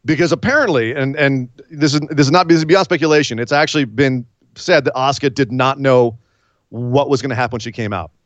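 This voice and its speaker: A man's voice: medium pitch, brisk, dry recording, muffled recording. A man co-hosting a podcast remotely, animatedly retelling events and acting out quotes in casual chat. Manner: animated storyteller, acts out quotes. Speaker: podcast co-host. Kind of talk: casual wrestling recap chat. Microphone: remote call mic.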